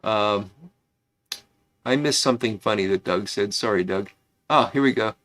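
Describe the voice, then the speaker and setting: A man's voice: on the low side, normal speed, a bit bright. A man hosting a casual pipe-smoking livestream, rambling and chatty as he greets viewers by name.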